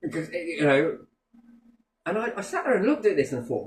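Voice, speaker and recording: A man's voice: fairly high pitch, big pitch swings, a little fast. A man telling stories in casual chat, blunt and full of swearing, acting out what others said. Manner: blunt, heavy swearing, acts out quoted voices. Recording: echoey room.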